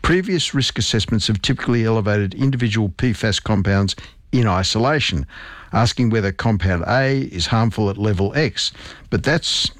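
A man's voice: on the low side, no echo, studio quality. A middle-aged male doctor explaining medical research in an interview, emphatic and precise with technical terms.

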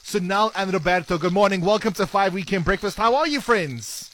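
A man hosting a radio breakfast show, running a quiz with energetic, playful banter. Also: high-pitched, fairly quick. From South Africa.

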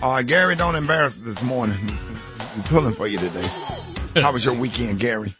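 A man's voice: medium pitch, animated, fairly quick, muffled recording, music in the background. A man hosting a radio morning show, joking and teasing his co-host.

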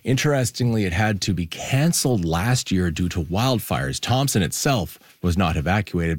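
Man, very low voice, relaxed radio news read, dry studio. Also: dry recording. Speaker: news headlines reader.

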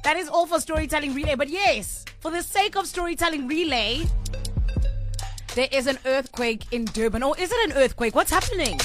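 Female radio host, young, bright-pitched, playful storyteller, soft music under. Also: a little fast. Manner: animated, teasing storyteller.

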